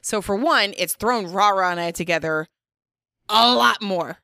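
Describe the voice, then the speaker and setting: A woman's voice: medium pitch, a little slow, creaky, no echo. Earnest woman podcast co-host, dry sound. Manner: warm, earnest, says "like" often. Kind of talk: casual chat.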